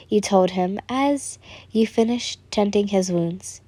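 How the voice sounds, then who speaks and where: A woman reading a fan story aloud as narrator, in a calm, even way. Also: medium pitch, slow pace, no echo.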